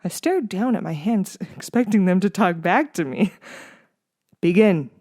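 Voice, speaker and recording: A podcast host reading a children's horror book aloud in dramatic, expressive narration with a few small slips. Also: medium pitch, moderate pace, no room sound, clean studio sound. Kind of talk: audiobook-style narration.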